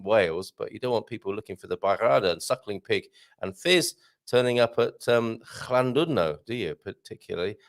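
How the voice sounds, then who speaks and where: A middle-aged man with a gravelly, slightly croaky voice that swings widely up and down as he chats. He hosts a live show in a jokey, self-mocking way, reading out viewer comments between chuckles. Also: mid-range voice. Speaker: livestream host.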